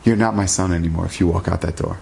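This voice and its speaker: A man's voice: low voice, fairly even intonation, quick pace, creaky, warm tone, slight background noise, pitched below the performer's own voice. A man voicing a stern, grieving middle-aged father in a told story, with a heavy, pleading manner.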